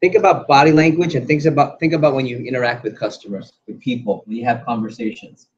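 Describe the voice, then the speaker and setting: A man running a sales training class, animated and quizzing the group with questions. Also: medium pitch, fast, slight background noise. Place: training room. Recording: dull lo-fi recording.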